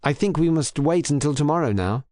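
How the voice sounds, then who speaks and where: A man's voice: a little high, lively intonation, a little fast, darkish tone, no echo, studio quality, pitched above the performer's own voice, natural voice. A man voicing a scheming English husband who talks with false politeness. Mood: falsely polite. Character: scheming English husband, middle-aged, cold.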